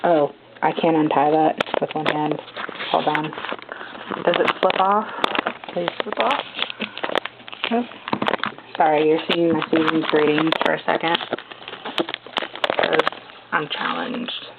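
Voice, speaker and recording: Excitable young woman on tinny phone audio. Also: low voice, measured pace, long pauses, heavy background noise. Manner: excitable, gasping and chatty. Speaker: vlogger unboxing a gift. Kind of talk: casual unboxing vlog. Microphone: handheld phone camera.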